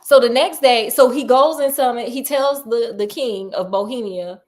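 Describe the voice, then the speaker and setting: A young woman casually retelling a classic detective story, animated and slangy, laughing often. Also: fairly high pitch, moderate pace. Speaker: podcast storyteller.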